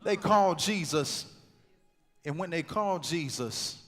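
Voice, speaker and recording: A man preaching a sermon, dropping to quiet talk and then building to loud, rhythmic shouts. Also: lively intonation, measured pace, faint music behind. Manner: call-and-response preaching, swings from low talk to loud shouting. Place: large church sanctuary. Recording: long hall reverb in church.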